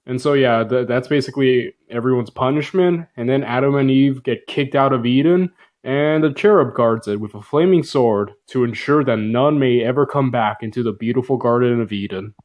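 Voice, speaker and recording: A man's voice: mid-range voice, normal speed, dull audio. Male narrator, playful comic retelling, slangy, midrange voice. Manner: slangy, jokey, filler-heavy. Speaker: video narrator. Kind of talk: comic casual Bible summary narration.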